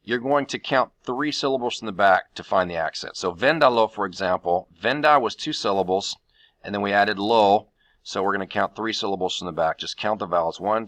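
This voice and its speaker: A man teaching a Spanish grammar lesson, walking through the steps of each rule with frequent fillers and pauses. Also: lowish voice, a bit bright.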